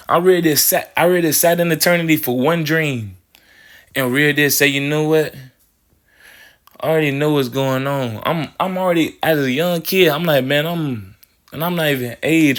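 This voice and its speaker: A man's voice: fairly high pitch, fairly bright tone. A man delivering a rambling spiritual monologue, playing with words, restarting phrases and checking in with "you feel me". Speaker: spiritual speaker.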